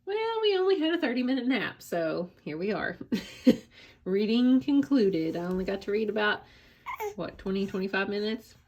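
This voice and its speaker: A woman's voice: mid-range voice, lively intonation, fairly quick, muffled recording. A young woman vlogging about her reading to camera in a casual, chatty way, tired and self-deprecating with light laughs. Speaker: book vlogger.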